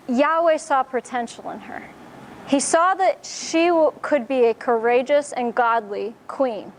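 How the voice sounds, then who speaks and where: A woman's voice: sits high, slight background noise. A woman teaching a Bible study sermon in a conversational way, with frequent fillers and restarts. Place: church.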